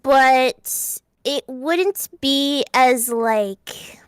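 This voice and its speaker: A woman's voice: high voice, drawn-out words, clean tone, no echo, clean studio sound. A young woman from Alberta, Canada, streaming as a VTuber, chatting casually with a giggly, playful manner and often trailing off mid-thought. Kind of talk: casual chat.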